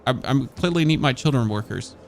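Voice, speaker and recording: A man's voice: mid-range voice, lively intonation, a little fast, vocal fry, slight background noise. A man from Germany with a German accent, commentating casually on a game he is streaming, thinking aloud and talking to his chat.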